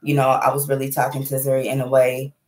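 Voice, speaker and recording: A woman in her thirties tells a personal story in a casual monologue, candid and animated, swearing freely and often asking "right?". Her voice is extremely low and fast, in a roomy space with slight background noise.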